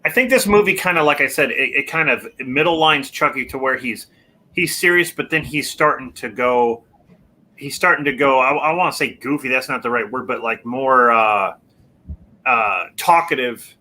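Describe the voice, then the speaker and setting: A man co-hosting a movie podcast in casual chat, animated and acting out lines from films. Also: medium pitch, normal speed. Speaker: podcast co-host.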